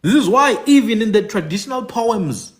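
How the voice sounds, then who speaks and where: A man's voice: high-pitched, animated, moderate pace. A man from Africa, giving emphatic commentary, repeating his points and asking "hmm?". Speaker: podcast host. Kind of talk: animated commentary.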